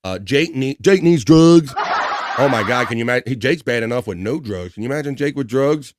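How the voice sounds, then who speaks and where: A man's voice: mid-range voice, animated, a little fast, noisy background. A middle-aged man hosting a casual livestream, reading viewer comments in an upbeat, chatty way with frequent laughs. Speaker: livestream host.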